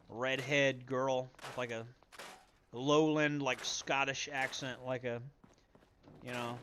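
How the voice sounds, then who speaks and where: A young man streams a game and comments casually, rambling, swearing, and muttering to himself as he plays. His medium-pitched voice sounds pushed and bright.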